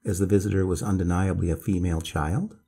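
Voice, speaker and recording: A man calmly reading a bedtime story aloud as narrator, in a measured storytelling voice. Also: sits low, breathy edge.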